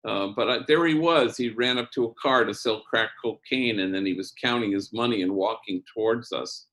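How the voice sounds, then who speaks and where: A man who is a priest, telling a story in a talk with lively swings in pitch and loudness.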